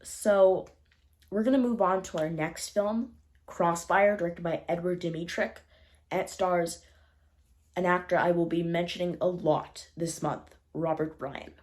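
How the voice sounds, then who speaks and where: A woman's voice: on the low side, steady tone, measured pace, darkish tone. A young woman casually reviewing old films on her channel, rambling, correcting herself and apologizing often. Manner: chatty, rambling, frequent self-corrections and apologies. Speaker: film reviewer. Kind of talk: casual unscripted film review.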